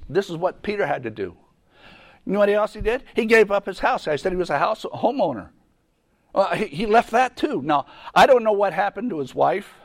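A man teaching a Bible lesson in a conversational way, often repeating himself and restarting sentences. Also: sits high. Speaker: preacher.

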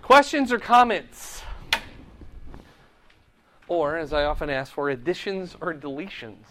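Guy teaching bible study, kinda high voice, talks slow and asks the room stuff. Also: slight background noise. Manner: asks the class questions, animated emphasis then quiet prayer. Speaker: pastor teaching a Bible class.

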